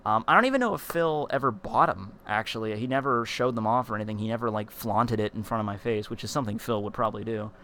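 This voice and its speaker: A male vlogger telling a childhood story in a casual, animated way, rambling with frequent fillers and restarts. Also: lowish voice, fast talker, hardly any pauses, a little hiss or hum.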